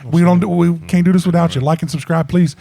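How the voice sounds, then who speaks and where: A man co-hosting a podcast, chatting in a brash, excitable way and swearing freely. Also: a little high, fast, creaky, a crowd in the background. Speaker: podcast co-host. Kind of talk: casual podcast chat.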